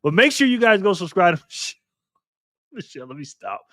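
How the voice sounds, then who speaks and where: A very animated man with a fast, somewhat bright voice, pitched a little high for a male, hosts a casual live stream. He welcomes chatters by name and ribs them in a light, playful way. The recording is close-up and dry, with no echo.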